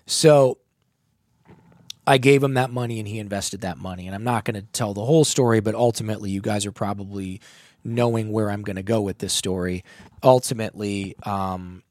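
Lower-pitched guy telling his story, swears a lot, gets worked up, dry close sound. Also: brisk, dry recording. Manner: emotional, profane, animated storytelling. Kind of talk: candid storytelling.

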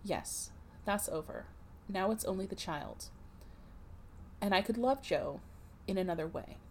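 A woman's voice: mid-range voice, lively intonation, measured pace, slight background noise, natural voice. A woman voicing a desperate young unwed mother. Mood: pleading. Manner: hushed, pleading, breaking into sobs.

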